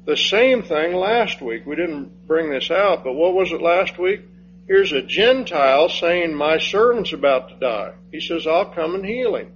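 A man preaches an expository sermon at an unhurried pace, his voice sitting a little high. He rises on his key phrases and drops low when he reads scripture. The recording is dull and lo-fi, with a faint hum underneath. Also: animated. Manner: slow, emphatic, rising on key phrases and dropping low for scripture reading.

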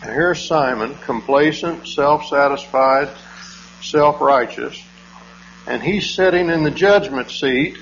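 A man preaching a sermon, retelling a scripture story earnestly with frequent pauses. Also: mid-range voice, fairly bright tone. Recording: dull lo-fi recording with mains hum.

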